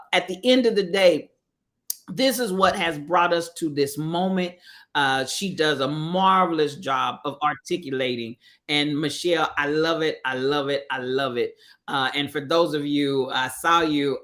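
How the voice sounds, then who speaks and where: A woman's voice: low-pitched, a bit bright. A woman hosting a live stream, commenting on current events with emphatic repetition and calling out viewers by name.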